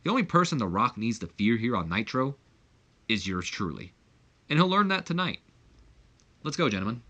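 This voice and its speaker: Man reading as an arrogant wrestling owner, smug and boastful, bright tone. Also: mid-range voice, sing-song, moderate pace, muffled recording. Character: cocky male wrestling company owner, arrogant.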